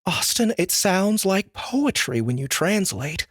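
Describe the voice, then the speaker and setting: A man doing a soft, breathy older woman. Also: fairly high pitch, very animated, normal speed, no echo, clean studio sound, pitched above the performer's own voice. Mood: tender. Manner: breathy, hushed.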